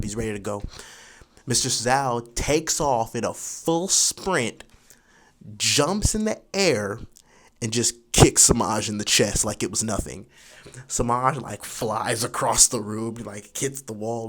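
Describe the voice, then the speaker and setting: A young man in his twenties telling a school story casually, animated and full of fillers like "you know". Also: lowish voice. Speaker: vlogger.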